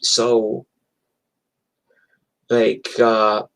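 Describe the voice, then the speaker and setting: A man from New York telling wild street stories in a casual, profane, animated way, acting out the fights as he goes. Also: lowish voice, extremely slow, vocal fry. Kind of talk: casual storytelling. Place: streamed from home.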